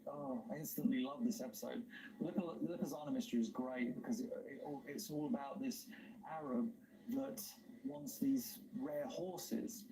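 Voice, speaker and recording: Casual stream host guy, eager and rambly, laughs a lot, middle-pitched voice. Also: poor audio. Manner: enthusiastic, rambling, laughs often. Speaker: livestream host. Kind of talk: casual chat.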